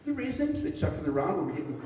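Middle-aged man, folksy storytelling speaker with a slightly high voice, recorded far off in an echoey hall. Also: big pitch swings, fast talker, background noise. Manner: folksy, joking anecdotes to a live audience. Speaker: beef industry speaker. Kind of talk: storytelling conference talk. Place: meeting hall.

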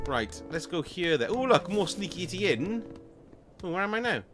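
A man's voice: high voice, big pitch swings, moderate pace, over music. A man giving cheeky, chatty commentary while playing a game on a live stream, swearing and laughing often. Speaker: gaming streamer. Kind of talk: casual let's-play commentary.

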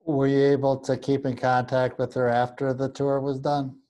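A man hosting a casual interview, asking questions in a halting way with fillers. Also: mid-range voice, completely flat delivery, mellow. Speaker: interview host.

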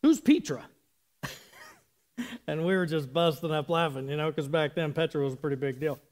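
A man with a notably high voice delivers a sermon in a relaxed, chatty way. He wanders into side remarks. He sounds like he is in his thirties. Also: brisk. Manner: casual, chatty preaching with asides and laughs. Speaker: preacher.

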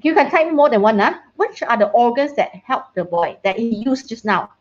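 Woman teacher, fairly high voice, chatty online lesson, keeps checking students can hear, dull lo-fi call audio. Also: big pitch swings, a little fast. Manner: mixes in short Mandarin phrases. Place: online class.

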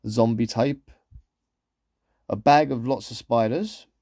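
Male vlogger, easygoing and rambling, mellow voice, dry close sound. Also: medium pitch, slow, dry recording. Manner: chatty, rambling, with trailing asides. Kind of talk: casual shopping haul commentary.

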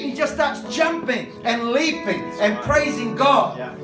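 A man with a very high voice preaches in a church hall, and his words ring around the roomy space. He tells his stories with lively comic voices for each character. He stands back from the mic, with a guitar playing behind him. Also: moderate pace. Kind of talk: sermon. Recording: echoey hall, mic from a distance.

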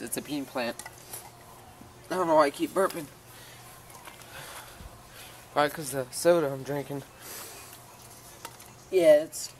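A man's voice: a little high, fairly bright tone, a little hiss or hum, poor audio. Tired rambling man in a garden. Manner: rambling, self-interrupting, talks to his dog. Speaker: home gardener. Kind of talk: casual rambling vlog. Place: outdoor garden.

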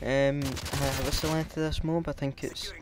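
A man's voice: fairly high pitch, little pitch movement, normal speed, music in the background. A Scottish man giving casual, hesitant commentary over his gameplay, with lots of filler ums. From Scotland. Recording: loud game gunfire behind.

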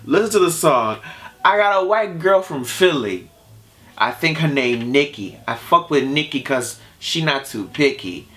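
A young man in a casual reaction vlog, talking straight to his viewers in an animated, slangy way. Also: on the high side, unhurried. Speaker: YouTube music reactor.

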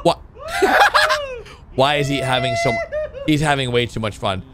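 A man hosting a reaction video, commenting on animations with loud exclamations and quick drops into low, muttered asides. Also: heavy background noise.

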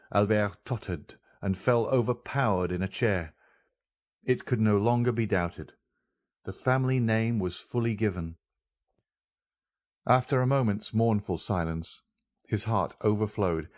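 A man reads a classic novel aloud in a low, even voice. The delivery is steady and unhurried. The recording is close and dry, with no room sound. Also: dry recording. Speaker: audiobook narrator. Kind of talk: scripted narration.

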